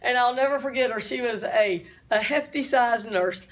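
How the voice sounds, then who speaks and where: Middle-aged woman, high voice, chatty teacher who tells stories and quizzes the class. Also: normal speed. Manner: chatty, storytelling, asks the class questions.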